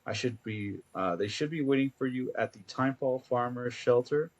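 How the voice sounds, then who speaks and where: A man's voice: medium pitch, normal speed, lightly acted. A man reading out the letter of a pompous, flowery-spoken married man in a video game, in grand archaic phrasing with frequent stumbles.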